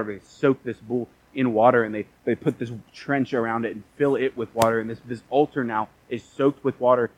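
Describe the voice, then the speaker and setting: Man, preacher, sermon, higher voice, dry close sound, animated casual storytelling. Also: dry recording, rough recording. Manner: animated storytelling, retelling scripture in casual modern speech; reads scripture aloud in old-fashioned wording.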